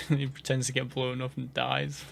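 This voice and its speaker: A man's voice: medium pitch, monotone, moderate pace, vocal fry, background noise. A man from the UK rambling through casual gameplay commentary, jokey and self-mocking, sometimes sinking to a whisper. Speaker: gaming host.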